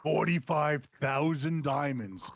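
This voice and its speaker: A man co-hosting a casual review podcast, answering with dry, deadpan quips. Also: on the high side, takes it slowly, creaky. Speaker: podcast co-host.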